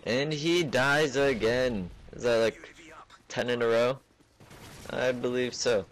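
A man's voice: on the low side, fairly even intonation, slow, vocal fry. A man putting on a vague foreign accent as a mocking play-by-play commentator over gameplay. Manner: dry, mocking play-by-play narration. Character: male mock commentator in a made-up foreign accent.

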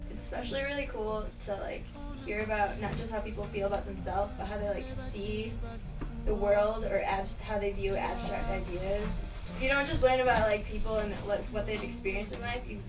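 A woman's voice: medium pitch, fairly even intonation, moderate pace, reverberant, far from the mic, over music, poor audio. A young female student in a casual interview, talking enthusiastically and saying "like" often. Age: teens.

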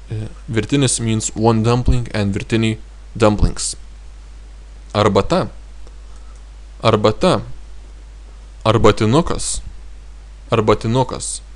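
A man teaching a vocabulary lesson, explaining with many pauses and saying each word twice. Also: on the low side. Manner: explains slowly, repeats words twice, many hesitations. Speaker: language teacher.

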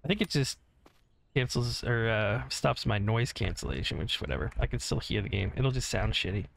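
Over slight background noise, a gaming channel host with a fairly low, gravelly voice talks expressively at a moderate pace. He's doing casual let's-play commentary on his own game, rambling, swearing freely and humming. The mic is a desk mic, not the one on his headset.

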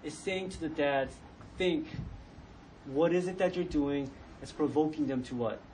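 A middle-aged pastor with a slightly slow, slightly mellow voice on the high side preaches a chatty, conversational sermon in church. He acts out the voices of parents and children as he goes. The low-quality recording has faint noise, and his voice comes from off a distant mic.

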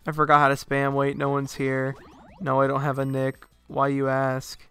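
A young man streaming a game live, giving excitable commentary full of profane trash talk. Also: mid-range voice, normal speed, smooth, faint music behind.

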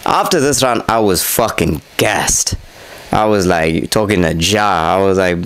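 A man's voice: sits low, expressive, measured pace, a bit bright, smooth, rough recording. Candid young man breaking down his fight. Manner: candid, self-critical, heavy swearing and slang. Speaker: vlogger reviewing his own boxing fight. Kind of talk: casual fight breakdown commentary.

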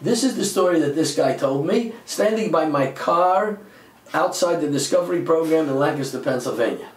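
Animated storytelling lecturer, higher voice. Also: male voice, normal speed. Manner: lively, acts out voices, repeats words. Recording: roomy, distant mic.

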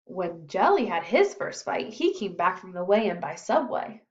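A woman's voice: lowish voice, very animated, normal speed, dull audio. A woman voicing a friendly, chatty teenage boy who works as an assistant trainer.

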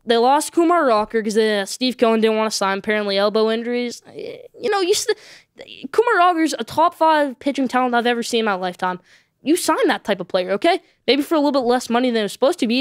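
A woman hosting a solo sports podcast, giving excitable, emphatic opinions and driving each point home with a repeated "okay?". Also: high voice, no echo, clean studio sound.

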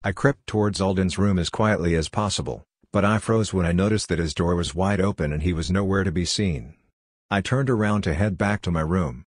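A man narrating a scary story in a measured, grave storytelling delivery. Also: deep voice, no room sound, clean studio sound. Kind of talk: scripted horror story narration.

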